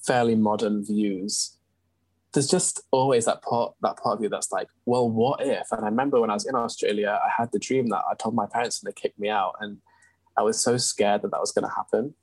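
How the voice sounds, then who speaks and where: A young man speaks with a low, slightly husky voice. He tells a personal story earnestly and candidly as an interview guest, with ums and restarts along the way. The recording is dry and close, with no room sound. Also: steady tone, fairly quick, darkish tone, no room sound, poor audio. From England.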